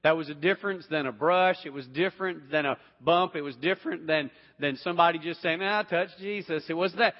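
Brisk and barely pausing, a slightly high-voiced Bible teacher leads an interactive session, firing questions at the group while repeating words and restarting sentences often. The recording is dull with a long hall reverb.

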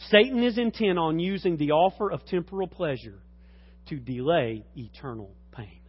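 A man preaching a sermon as a pastor, swinging from low, quiet passages to loud, high-pitched exclamations. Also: animated, moderate pace, breathy edge. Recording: dull lo-fi recording.

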